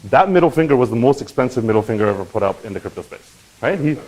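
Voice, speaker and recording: A man hosting a crypto channel, talking in a casual, animated explainer style and often checking in with "right?" and "okay?". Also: mid-range voice, fast, rough recording. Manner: animated, swings into loud mock voices and profanity; conversational with frequent "right?" and "okay?".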